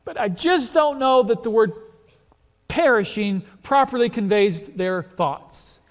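Male pastor, very high voice, chatty animated sermon with lots of rhetorical questions, long church-hall reverb. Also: slow pace. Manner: conversational, animated, rhetorical questions, repeats words. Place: church sanctuary.

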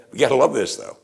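A man preaching a sermon, animated, acting out the quoted lines and chuckling as he explains. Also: on the low side.

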